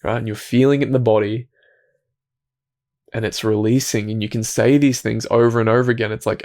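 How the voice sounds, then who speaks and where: A man hosting a reflective self-help talk, speaking calmly and gently, often restarting his thoughts and dropping into soft, quiet asides. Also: mid-range voice, moderate pace. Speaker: self-help video host.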